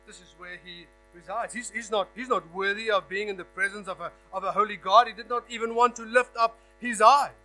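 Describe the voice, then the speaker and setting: A man with a high, piercing, bright voice preaches a sermon as a guest preacher. He drops to a near hush, then presses words hard for stress, often repeating himself as he builds a point. A faint electrical hum sits under the recording. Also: fairly even intonation, a little fast, few pauses, rough recording. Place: church hall.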